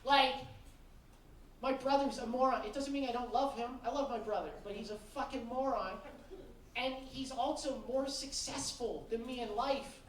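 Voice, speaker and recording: On a comedy club stage before a live audience, a stand-up comedian delivers a blunt, profane set in a fairly high voice with fairly even intonation at a normal speed. The live room is echoey and noisy, and the mic is distant.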